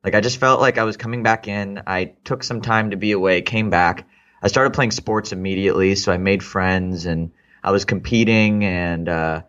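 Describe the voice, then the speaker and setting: A man's voice: lowish voice, a bit bright, highs cut off. A man in his thirties from Texas, a guest in a casual interview, reflecting aloud with many fillers and restarts. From Texas, United States.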